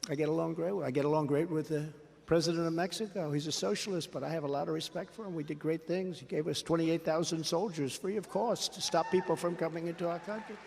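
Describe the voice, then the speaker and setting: A man's voice: a little high, fairly even intonation, fast talker, gravelly, a little mellow, slight background noise. An older man giving a rally speech, repetitive and boastful, acting out conversations with others. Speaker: politician at a rally. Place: large rally venue. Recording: long hall reverb.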